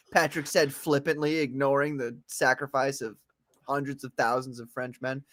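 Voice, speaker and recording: A man co-hosting a casual comedy chat, joking and profane, jumping from loud outbursts to mumbled asides. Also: mid-range voice, fairly even intonation, moderate pace, no echo, clean studio sound. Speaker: podcast co-host.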